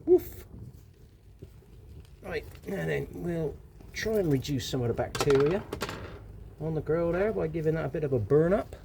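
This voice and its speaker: A man's voice: on the high side, moderate pace, creaky, background noise. Chatty West Country man outdoors. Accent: West Country English. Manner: chatty, rambling, wry asides, muttering to himself. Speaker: vlogger. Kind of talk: casual cooking vlog. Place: outdoors at a charcoal fire.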